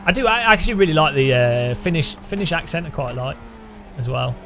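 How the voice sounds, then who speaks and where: Lively, chatty man streaming. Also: fairly high pitch, fairly quick, a little hiss or hum. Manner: chatty, laughing, swearing at the game. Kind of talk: casual gaming stream chat. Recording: light music behind.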